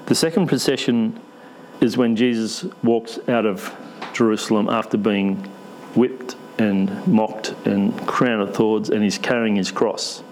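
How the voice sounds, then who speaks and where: A man's voice: fairly low pitch, steady tone, unhurried, darkish tone, slight background noise, rough recording. A man preaching a conversational sermon in church, asking the congregation questions with light humour.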